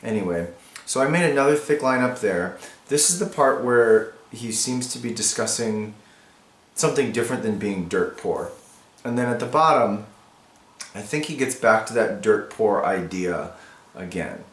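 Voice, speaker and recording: A man's voice: lowish voice, animated, moderate pace, reverberant. A male teacher annotating a text for his students, thinking aloud in a casual, explanatory way.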